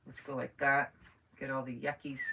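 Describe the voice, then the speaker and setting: A woman's voice: very deep voice, flat delivery, normal speed, creaky, bright, forceful tone. A woman chatting casually with her viewers while doing a craft project live, rambling and greeting people by name. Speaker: crafting livestream host. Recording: voice a bit far from the mic, faint noise.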